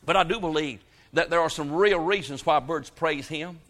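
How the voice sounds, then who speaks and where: Bright-voiced preacher man. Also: fairly high pitch, normal speed. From South Georgia, US. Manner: folksy storytelling with frequent amens. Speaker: pastor. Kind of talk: sermon.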